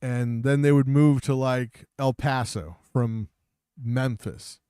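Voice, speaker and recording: A man's voice: medium pitch, steady tone, slow, dark tone, clean tone, no echo, clean studio sound. A man co-hosting a casual podcast with profane, mocking banter. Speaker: podcast co-host. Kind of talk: casual chat.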